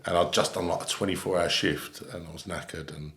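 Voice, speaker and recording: A man, telling lively anecdotes as a podcast guest and laughing through his lines. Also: deep voice, brisk, echoey room. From England. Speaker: guest, ex-army comedian. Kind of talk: casual storytelling. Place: podcast studio.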